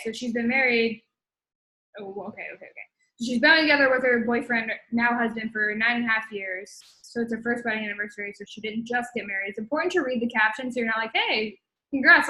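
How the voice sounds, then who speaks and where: A woman's voice: a little high, sharp tone, reverberant, poor audio. A young woman hosting a casual coaching talk, using slang and thinking aloud as she dictates a message while typing. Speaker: host coaching sellers. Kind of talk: casual instructional live talk.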